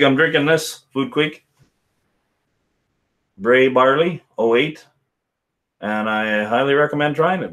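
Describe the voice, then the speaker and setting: A man's voice: mid-range voice, fairly bright tone. A man hosting a casual whisky live stream, rambling and chatting with viewers by name. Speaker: livestream host.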